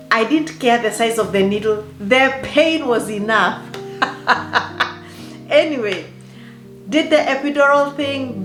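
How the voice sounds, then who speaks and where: A woman, a life coach telling her personal story in an expressive way, with dramatic exclamations. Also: fairly high pitch. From Africa. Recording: roomy echo with faint background music.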